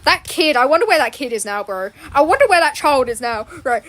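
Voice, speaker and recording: A young woman rambles casually as she draws, repeating herself and giggling between thoughts. Her voice is high. A clicking, noisy background hums behind her. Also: sing-song, quick pace, hardly any pauses. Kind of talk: casual rambling chat while drawing.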